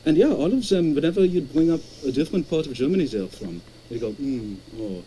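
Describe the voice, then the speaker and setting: A man's voice: a little high, animated, fast talker, mellow, a little hiss or hum, poor audio. A man calling in to chat, stammering and repeating words as he tells stories. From Canada. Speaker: caller. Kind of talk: casual chat.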